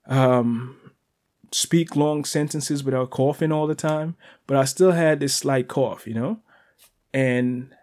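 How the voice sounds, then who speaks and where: Rambling New York man telling a story. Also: medium pitch. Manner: rambling, animated when quoting others. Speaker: podcast host. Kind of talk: casual storytelling.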